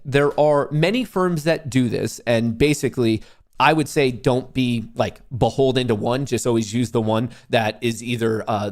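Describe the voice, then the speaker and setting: A young man hosting a casual livestream about day trading, swearing often and breaking into loud, jokey bragging. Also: mid-range voice, creaky. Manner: excitable, profane, jokey bragging. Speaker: livestream host, day trader.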